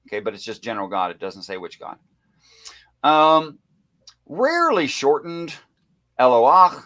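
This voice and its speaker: A man's voice: fairly high pitch, a bit bright. A man hosting a casual online group chat, sharing his screen and talking through Bible word searches with sarcastic rhetorical questions. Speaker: livestream host.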